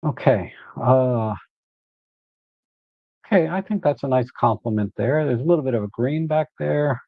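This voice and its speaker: A man hosting a live photo editing walkthrough, relaxed and thinking aloud as he works. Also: mid-range voice, normal speed, no room sound, narrow, tinny audio.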